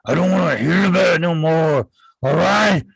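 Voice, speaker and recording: A man voicing a furious, gravelly biker-type male video editor who rants and curses in a raspy shout. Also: a little high, moderate pace, no room sound, exaggerated voice. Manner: ranting, cursing, threatening. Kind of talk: comedy sketch bit.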